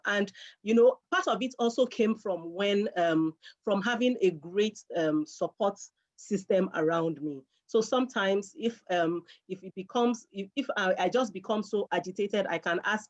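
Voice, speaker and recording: A woman's voice: mid-range voice, unhurried. A middle-aged woman giving earnest parenting advice in a conversational talk, repeating phrases for emphasis. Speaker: guest speaker on parenting. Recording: dull lo-fi sound.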